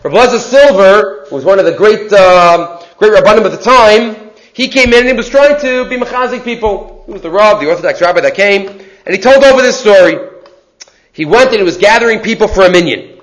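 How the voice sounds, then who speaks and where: Brief: high-pitched male Torah teacher, casual lecture, drops in Hebrew terms. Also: expressive, fairly quick, a bit bright. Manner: mixes in Hebrew terms, often asks "right?".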